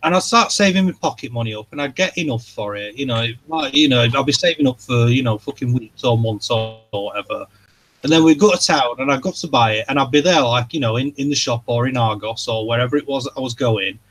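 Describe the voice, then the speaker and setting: A man's voice: medium pitch, fast talker, fairly bright tone, poor audio. A man, hosting a live stream and ranting in casual chat, rambling and swearing as he tells stories.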